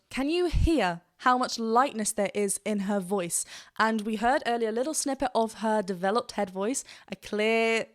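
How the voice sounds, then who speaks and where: A woman vocal coach reacting to a song and explaining singing technique in an enthusiastic, explanatory way, laughing often. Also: fairly high pitch.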